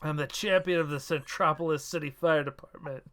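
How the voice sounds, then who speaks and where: A man voicing a boastful, overacting male fire hero in a tabletop game, with loud, hammy challenges. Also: fairly high pitch, steady tone, a little fast.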